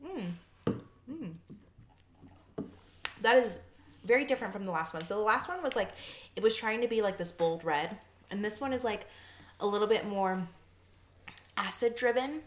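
A woman's voice: mid-range voice, animated, moderate pace, pauses often, slight background noise. A woman chatting casually while tasting wine, self-deprecating and tripping over wine terms. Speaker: wine taster. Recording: roomy echo.

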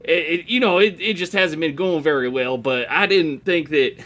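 A man doing Tarzan as a rambling bright dad. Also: a little high, close to an everyday voice. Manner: rambling, halting, full of fillers. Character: Tarzan as a rambling, easily distracted father. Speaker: improv comedian. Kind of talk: improvised comedy podcast.

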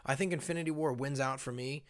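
Talking fast in a medium-pitched voice, this young podcast co-host keeps the chat casual, rambling along with lots of fillers.

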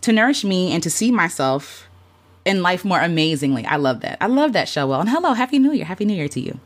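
A woman's voice: fairly low pitch, sing-song, fast. Emotional woman hosting a casual livestream. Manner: heartfelt, talks openly with lots of fillers and "like"; greets and thanks viewers in the chat by name. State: emotional, near tears at times. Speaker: content creator hosting a livestream. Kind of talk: casual live-stream chat reflecting on the year.

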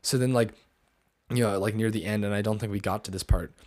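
A man's voice: on the low side, steady tone, fairly quick, a little mellow, no room sound, studio quality. A young man hosting a podcast, chatting casually and rambling, with lots of fillers. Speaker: podcast host. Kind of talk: casual chat.

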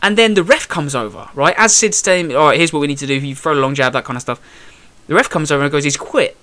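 A man's voice: on the high side, quick pace. A young man telling a boxing story in casual chat, acting out quotes and swearing freely. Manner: animated storyteller, acts out quotes, swears a lot. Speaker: boxer telling a fight story.

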